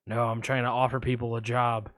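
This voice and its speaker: A man voicing a creepy, secretive male caller who speaks low and hushed, in a podcast reenactment of a phone call. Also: flat delivery, brisk, no echo, natural voice. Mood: evasive.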